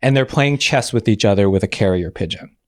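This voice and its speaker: A man's voice: lowish voice, fairly quick. A man, an animator guest on a podcast, telling a story casually with lots of fillers and acted-out quotes. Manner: animated, acts out quotes, many filler likes.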